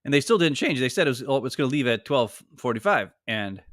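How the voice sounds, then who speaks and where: A man in his forties, a podcast co-host telling a story in a casual, rambling, animated way. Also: medium pitch, fast, dry recording, studio quality. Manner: rambling, animated, heavy use of "like".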